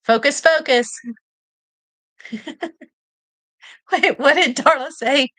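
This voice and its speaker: A woman's voice: sits high, takes it slowly, bright, forceful tone, no room sound, low-quality recording. A woman with a Kentucky accent hosting a live trivia game, playful and teasing, laughing often.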